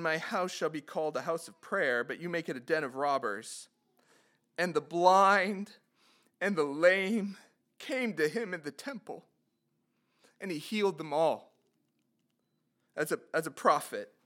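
A man's voice: a little high, fairly bright tone. A man preaching a sermon, reading scripture aloud and putting earnest rhetorical questions to his listeners. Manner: reads scripture aloud, rising in fervor on quoted cries.

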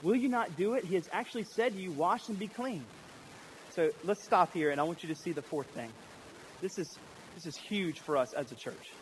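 A male pastor delivering a sermon in a fairly high voice. He is animated and slips into character voices as he tells the story. Faint noise sits under the recording. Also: brisk, rough recording. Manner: animated, acts out voices of biblical figures.

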